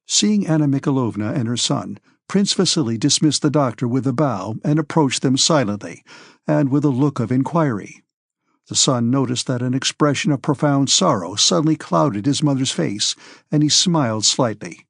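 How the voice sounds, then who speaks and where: A man narrating a classic novel in a measured, steady audiobook reading. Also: medium pitch, gravelly, husky, no echo, studio quality. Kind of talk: scripted narration.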